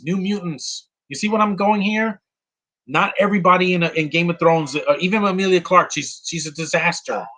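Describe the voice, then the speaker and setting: Rambling opinionated man with a husky voice. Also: on the high side, a bit bright, poor audio. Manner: rambling, opinionated, frequent fillers and restarts. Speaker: movie commentator. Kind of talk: casual live movie commentary.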